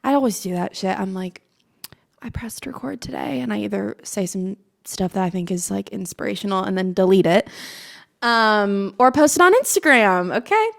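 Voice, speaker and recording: Chatty young woman with a slight Southern twang. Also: medium pitch. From Maryland. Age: 20s. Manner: chatty and animated, self-mocking, laughs often. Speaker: vlogger. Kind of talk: casual stream-of-consciousness chat.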